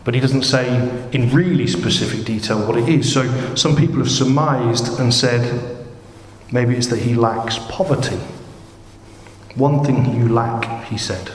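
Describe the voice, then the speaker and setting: A man in his thirties preaching a sermon, chatty and jokey, with sudden excited rises. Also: mid-range voice, a little slow, slight background noise. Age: 30s. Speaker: pastor. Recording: echoey hall, faint room ambience.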